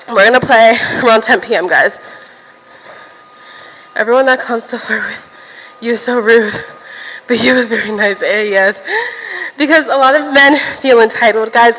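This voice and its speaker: A woman's voice: fairly high pitch, a bit bright, big-room sound, a little hiss or hum, poor audio. A young woman livestreaming from a gym while walking on a stair machine, chatting casually to viewers, a little out of breath and swearing now and then.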